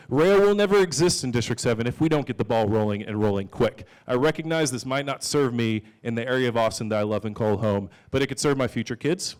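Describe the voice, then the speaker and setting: A man's voice: mid-range voice, a little mellow. A young man, a council candidate, giving an earnest, emphatic answer at a candidate forum.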